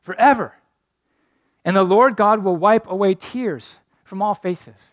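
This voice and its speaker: A man's voice: high-pitched, measured pace, no echo, highs cut off. A middle-aged man preaching a sermon as pastor, telling a story earnestly and building to emphatic points.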